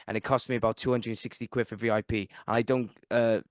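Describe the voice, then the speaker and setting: A man with a South Welsh accent hosting a podcast, telling stories in an animated, excitable way. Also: mid-range voice, fast, no echo, clean studio sound. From South Wales. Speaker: podcast host. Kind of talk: casual podcast chat.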